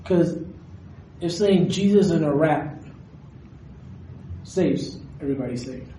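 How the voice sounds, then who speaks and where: A man preaching a sermon, animated and questioning his audience directly. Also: on the high side, slow, slight background noise. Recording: echoey hall recorded from a distance.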